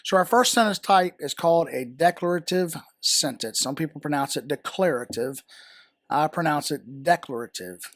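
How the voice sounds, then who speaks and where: A man's voice: on the high side, expressive, normal speed, no echo, clean studio sound. A man with a Southern American accent, patiently explaining a grammar lesson with fillers and repeated words. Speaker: teacher. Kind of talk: grammar tutorial.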